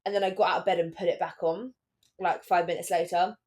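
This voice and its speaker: A woman's voice: lowish voice, quick pace. A young woman from England, a podcast co-host, telling a story in casual chat, acting out quotes and saying "like" a lot. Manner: animated storyteller, acts out quotes, lots of "like".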